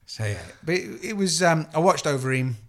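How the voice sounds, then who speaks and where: Jokey, animated man co-hosting a podcast. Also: fairly high pitch, a little fast. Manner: jokey, animated storyteller who swears and mimics others. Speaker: podcast co-host. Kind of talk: casual podcast chat.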